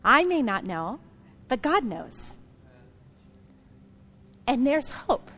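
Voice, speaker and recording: High-voiced woman preaching a sermon. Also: sing-song, extremely slow. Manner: earnest preaching that swells into loud emphatic passages; direct appeals to the congregation. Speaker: pastor.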